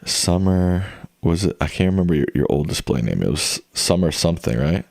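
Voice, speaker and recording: A man's voice: low voice, sing-song, fairly quick, gravelly, darkish tone, dry recording, studio quality. A young adult man streaming and chatting casually with viewers in a rambling, laid-back way. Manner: rambling, laid-back, lots of fillers and restarts. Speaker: livestreamer. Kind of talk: casual chat.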